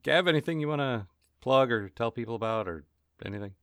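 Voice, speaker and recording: A wry, chatty man co-hosting a podcast, his pitch moving a lot as he talks. He laughs easily, and the sound is dry and close. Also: lively intonation, fast, fairly bright tone, dry recording. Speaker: podcast co-host. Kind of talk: casual podcast chat.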